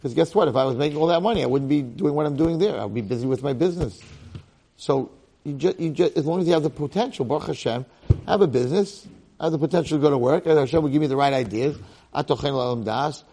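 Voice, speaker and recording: A gravelly New rabbi in his sixties tells stories in a relaxed Torah talk. His voice keeps leaping up sharp and loud on the key words, then sinks to a soft, low murmur. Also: quick pace. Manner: excitable, bursts up high and loud to stress a point, then drops low and soft.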